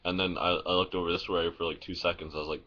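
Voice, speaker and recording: A man's voice: deep voice, flat delivery, fast talker, pushed and bright, highs cut off. A young man vlogging in a casual, rambling way, telling stories full of fillers, restarts and swearing, recorded on a phone. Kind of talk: casual vlog storytelling.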